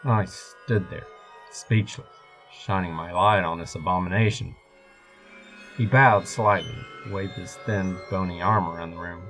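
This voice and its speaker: A man narrating a first-person horror story in a steady, measured way. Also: low voice, low-quality recording. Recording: music bed behind voice.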